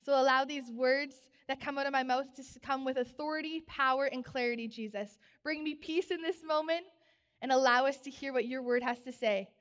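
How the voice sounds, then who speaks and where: A young woman preaching a sermon in a church, telling stories with bubbly, animated exclamations. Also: high-pitched, a little fast. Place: church sanctuary. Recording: long church reverb.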